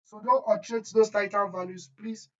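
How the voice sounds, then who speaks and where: A woman's voice: mid-range voice, steady tone, brisk, lo-fi sound. A woman chemistry teacher, giving an exam-prep lesson in an emphatic, scolding way that repeats key points. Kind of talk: exam-prep lesson, screen-share walkthrough.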